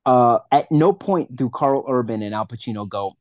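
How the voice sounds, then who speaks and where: A man's voice: medium pitch, moderate pace, a little mellow, no room sound. A man co-hosting a casual movie review podcast, ranting and swearing in a rambling way. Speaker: podcast co-host.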